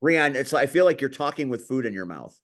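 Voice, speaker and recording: A man hosting a casual talk show, blunt and quick to swear when he gets heated. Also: mid-range voice, big pitch swings. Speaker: podcast host. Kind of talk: casual chat.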